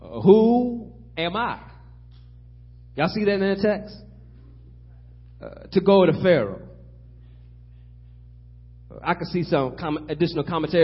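A man preaching a sermon, building to emphatic loud peaks and dropping to hushed tones, often acting out biblical figures in conversational asides. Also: sits high, expressive, unhurried, pauses often, slightly rough, dull audio.

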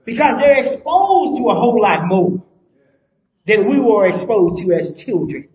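A man's voice: sits high, big pitch swings, a little slow, reverberant, highs cut off. An older man preaching a sermon as pastor, emphatic, repeating his points and asking the congregation rhetorical questions.

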